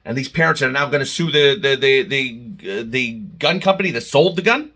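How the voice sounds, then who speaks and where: Addressing his viewers on camera, a channel host delivers a heated, emotional opinion monologue at a moderate pace, with restarts and sudden loud outbursts. His medium-pitched voice is bright, forceful, animated, and a little husky.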